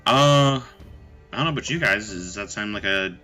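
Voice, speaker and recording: A man running a tabletop game as game master, relaxed and chatty, laughing often as he explains his choices. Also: fairly low pitch, moderate pace, faint music behind.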